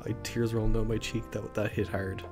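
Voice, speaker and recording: Casting: low-voiced male podcast co-host, blunt and emphatic, loose chat, faint music underneath. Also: flat delivery, brisk. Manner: emphatic, swears freely. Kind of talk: casual chat.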